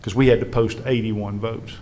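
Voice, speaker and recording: A man's voice: fairly low pitch, moderate pace. A man, a state legislative leader telling earnest anecdotes to a history panel audience. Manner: earnest, animated storyteller acting out colleagues' words. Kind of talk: anecdotal storytelling to a live audience.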